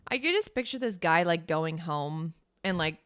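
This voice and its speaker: A woman's voice: on the low side, expressive, normal speed, fairly bright tone, smooth. A young woman co-hosting a podcast, telling a bar story in casual chat, swearing and acting out quotes. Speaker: podcast co-host.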